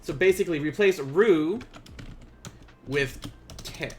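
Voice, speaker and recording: A man's voice: a little high, darkish tone, a little hiss or hum. Playful man teaching Japanese on stream. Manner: playful, laughs and teases chat viewers; slows down to pronounce Japanese words. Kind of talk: casual live-stream lesson.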